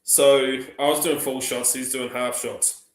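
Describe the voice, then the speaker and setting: A man telling profane, lively stories on a livestream, acting out the other people's lines. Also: medium pitch, unhurried. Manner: profane, animated anecdotes acting out other voices. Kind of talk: casual storytelling on a livestream. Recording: roomy echo.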